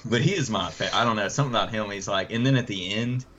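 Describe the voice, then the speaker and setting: A man's voice: fairly low pitch, fast, a bit bright. A young adult man chatting casually as a podcast guest, playful and joking. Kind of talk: casual chat. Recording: slightly dull with faint noise.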